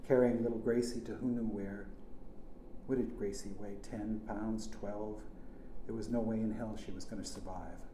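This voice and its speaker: A man reads a first-person story aloud in a plain, earnest way. His voice is dark and mellow, recorded in an echoey room with faint ambient noise behind him. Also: medium pitch. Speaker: narrator.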